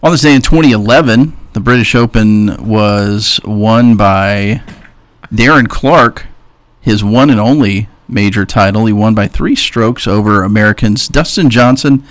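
A man with a fairly low voice hosts a casual sports radio show. He reads out trivia lists briskly and teases his partner between items. The studio sound is dry and close. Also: dry recording.

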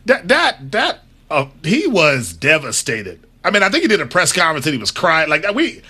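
A man co-hosting a sports radio show, his pitch swinging widely as he talks. His tone is bright with a husky edge, and he laughs easily. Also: moderate pace. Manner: animated, laughs often. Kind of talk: casual sports talk.

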